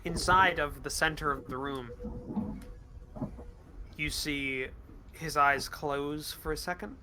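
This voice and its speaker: A man's voice: a little high, slow pace, a crowd in the background. A man narrating a tabletop game as game master, setting scenes descriptively and calling rolls.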